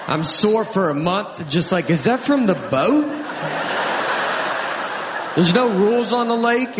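A man's voice: high voice, echoey room, in a large hall, very noisy. A man doing stand-up comedy, telling rambling, exasperated complaints.

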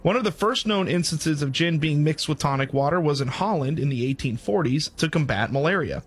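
Southern guy reading his notes out, kinda higher voice, steady informative. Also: brisk, slightly rough. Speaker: co-host presenting drink history. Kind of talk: reading prepared background notes.

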